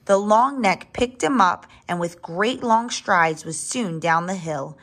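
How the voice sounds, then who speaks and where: A woman reading a children's story aloud in a medium voice. She reads expressively, slowing for drama and turning to chat with young listeners. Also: mid-range voice, fairly bright tone. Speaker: reader.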